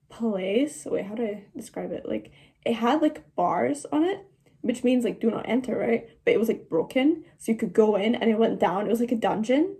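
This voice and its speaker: A woman's voice: fairly high pitch, warm tone. A seventeen-year-old girl chatting through a travel storytime vlog, laughing often and filling her talk with "like". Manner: chatty, laughing, many "like" fillers. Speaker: travel vlogger.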